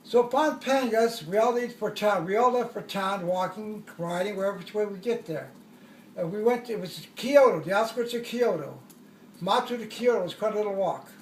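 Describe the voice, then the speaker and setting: An older man telling a war story in a casual, rambling way, chuckling and acting out shouted quotes. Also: high voice, normal speed, far from the mic, a little hiss or hum. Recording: echoey room, voice away from the mic.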